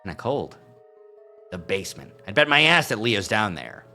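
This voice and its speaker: Deep-voiced man reading a story aloud. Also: big pitch swings, moderate pace, bright, forceful tone, faint music behind. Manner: reads narration with asides and chuckles. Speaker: streamer. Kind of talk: reading a visual novel aloud on a live stream.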